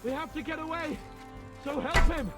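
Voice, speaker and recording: A crude, frantic medieval lord in a video game. He shouts and curses in a very high voice. Loud game music plays behind him. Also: normal speed. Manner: shouting, cursing.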